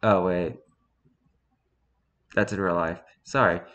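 Man, bright forceful tone, casual reader of online posts, quiet side comments. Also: low-pitched, fairly even intonation, takes it slowly. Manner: reads posts with quiet muttered asides. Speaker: host reading social media posts. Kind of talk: casual reading aloud.

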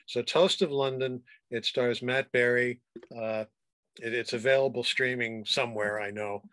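A man's voice: medium pitch, fairly even intonation, moderate pace, a bit bright, no room sound. A man hosting an interview, chatting casually and recounting a comedy show with loose restarts. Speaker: podcast host, interviewer.

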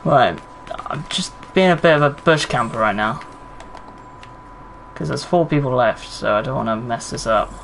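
A man's voice: mid-range voice, expressive, moderate pace, vocal fry, a bit bright, a little hiss or hum, low-quality recording. A man streaming a battle royale game, chatting with viewers and commenting on his play, swearing under pressure. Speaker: gaming streamer. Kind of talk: live gameplay commentary.

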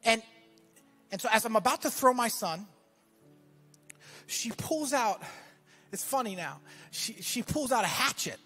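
A man preaching a sermon as pastor, telling a story and then building to shouted exhortation in a church. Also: very high voice, lively intonation, a little slow, pauses often, slightly rough, faint music behind.

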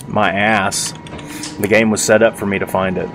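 A man giving casual, profane let's-play commentary with a rough-sounding voice, rambling and sarcastic. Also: on the low side, steady tone, moderate pace, music in the background. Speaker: gaming video host.

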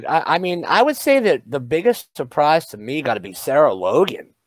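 A laid-back male podcast host chats casually and asks his guest questions. His pitch moves up and down a lot as he talks. The sound is dry and close. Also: huge pitch swings, fairly quick, dry recording. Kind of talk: casual chat.

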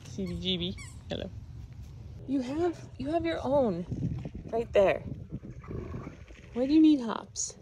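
A woman's voice: fairly high pitch, sing-song, slow pace, long pauses. A woman vlogger talking fondly to her animals, teasing and scolding them. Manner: fond scolding pet talk. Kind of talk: talking to pets. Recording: noisy background.

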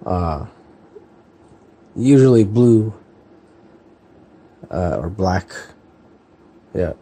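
A man in his thirties from California, chatting casually in a relaxed, hesitant way with lots of fillers and restarts. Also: deep voice, extremely slow, a little hiss or hum. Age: 30s. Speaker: book vlogger. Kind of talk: casual chat, answering a tag.

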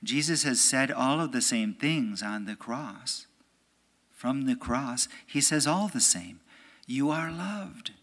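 A priest, an American man, giving a conversational homily in church. He keeps checking in with "right?" and sometimes drops to a hushed, near-whispered voice. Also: mid-range voice, animated, takes it slowly. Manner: conversational, often asks "right?". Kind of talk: homily at a prayer meeting.

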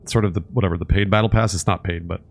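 A man's voice: low-pitched, steady tone, racing. An American man hosting a game stream in casual chat, teasing his friend and laughing often. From United States. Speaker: streamer, host. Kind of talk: casual chat while gaming.

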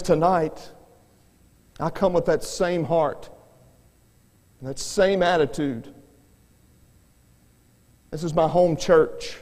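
An evangelist preaches a revival sermon in a church sanctuary, earnest and prone to repeating words as he begins his phrases. His voice is on the high side with a darkish tone, and long church reverb fills the recording.

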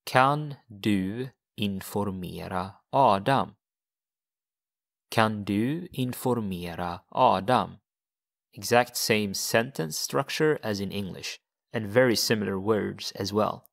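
A man's voice: on the low side, unhurried, gravelly. A man teaching a language lesson step by step, patiently repeating phrases for learners.

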